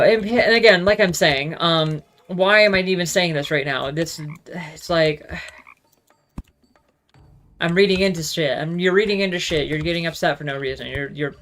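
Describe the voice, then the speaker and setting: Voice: medium pitch, fairly bright tone. A speaker ranting casually in a rambling monologue, swearing freely and filling every gap with "like.". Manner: rambling, profane, heavy use of "like". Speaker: solo talk show host.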